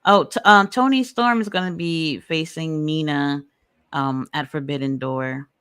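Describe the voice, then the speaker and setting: A woman host chatting casually about wrestling in a smooth, clear voice, animated and blunt, cursing now and then. The sound is dry and close with no room around it. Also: sits low, a little slow, no echo. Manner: animated, blunt, swears freely. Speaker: podcast host.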